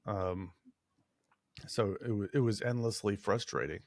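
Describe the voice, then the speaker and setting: A man speaking as a relationship coach on a podcast, in a measured and thoughtful way. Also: on the low side, steady tone, no room sound, studio quality. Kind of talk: casual podcast chat.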